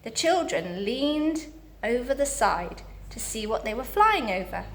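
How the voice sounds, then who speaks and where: A woman reading a children's book aloud, steady and expressive. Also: a little high, a little slow. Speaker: storybook reader.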